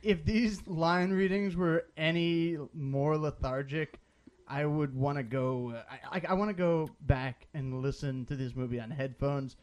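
A man co-hosting a casual comedy movie podcast, sarcastic and animated, slipping into mock voices as he riffs. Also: on the high side, a little slow, clear, resonant tone. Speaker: podcast co-host.

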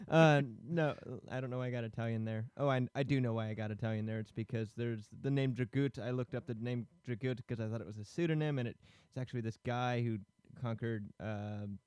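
A man's voice: medium pitch, fairly even intonation, fast talker, few pauses, darkish tone, clear, resonant tone, dry recording. Man, podcast co-host, casual, jokey, swears a lot, dry close sound. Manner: swears freely, jokey and self-deprecating. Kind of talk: casual film discussion.

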